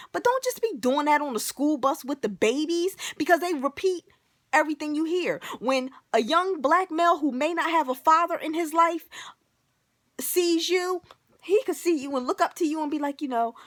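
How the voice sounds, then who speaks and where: High-voiced woman ranting emphatically. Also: normal speed, no echo, studio quality. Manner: animated, emphatic, profane, keeps saying "like". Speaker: vlogger. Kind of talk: ranting to camera.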